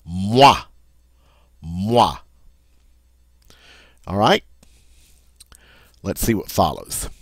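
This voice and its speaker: A man with a lowish voice teaches French pronunciation, patiently modeling each sound and asking "all right?" as he goes. The recording has no echo.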